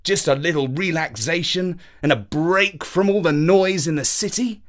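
A man voicing a loud, excited, persuasive uncle in a children's story read aloud. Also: a little high, normal speed, pitched above the performer's own voice, lightly acted. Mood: eager.

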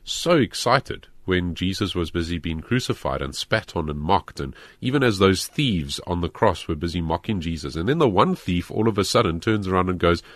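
A man's voice: low-pitched, lively intonation, normal speed, hardly any pauses, no echo. A man, a pastor earnestly explaining faith questions in a studio discussion. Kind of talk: Christian talk show discussion.

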